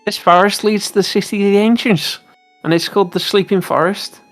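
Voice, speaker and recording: A performer voicing a gentle, determined young woman in a fan-voiced game playthrough, speaking softly and earnestly. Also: mid-range voice, steady tone, brisk, soft background music, lightly acted. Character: gentle young flower girl, calm and determined. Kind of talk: fan voice acting over a game.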